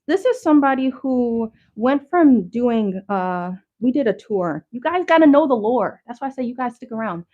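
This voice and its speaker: A woman's voice: fairly high pitch, animated, moderate pace, hardly any pauses, dark tone. A woman hosting a casual livestream, chatting to viewers with lots of fillers and slang, a little out of breath. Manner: chatty and rambling, many fillers and restarts. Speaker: livestream host showing handmade crafts. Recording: slightly dull lo-fi stream audio.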